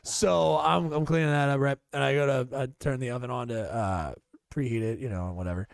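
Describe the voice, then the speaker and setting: A man's voice: mid-range voice, brisk, gravelly, no echo. A man co-hosting a podcast, telling stories in a rambling, profane way with many fillers. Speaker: podcast co-host. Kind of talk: casual podcast chat. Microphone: studio podcast mic.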